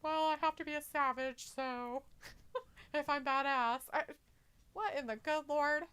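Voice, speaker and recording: Giggly high-voiced woman co-hosting a stream. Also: steady tone, unhurried, a bit bright. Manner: giggly, laughs often between remarks; playful teasing of her co-host. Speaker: co-host of a live wrestling watch-along stream. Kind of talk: casual live-stream chat, reading viewer comments aloud.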